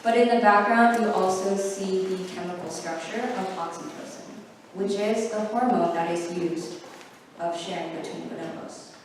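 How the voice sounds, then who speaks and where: A young woman gives an unhurried, filler-laden talk, slightly out of breath. Her voice rings through a large, echoey hall. She sounds far from the microphone, with faint noise underneath. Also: mid-range voice. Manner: casual, filler-heavy, self-correcting. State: short of breath. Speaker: guest speaker. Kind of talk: presentation talk.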